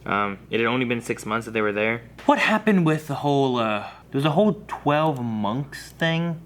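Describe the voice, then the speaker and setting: A man's voice: mid-range voice, animated, normal speed. A man co-hosting a reaction video, talking casually and rambling as he thinks aloud.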